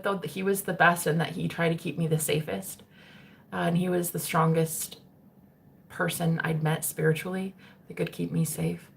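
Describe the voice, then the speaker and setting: A woman's voice: fairly low pitch, vocal fry, fairly bright tone. A young adult woman talking casually to her stream viewers, chatty and swearing freely. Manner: chatty, swearing, laughing often. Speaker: spiritual streamer.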